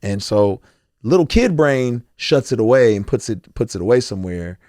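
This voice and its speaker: A mid-range, mellow male voice, animated and at a moderate pace, comes through studio-quality audio with no room sound. The speaker, a rapper on a podcast as a guest, talks candidly and with feeling, quoting his own thoughts and restarting and repeating as he goes.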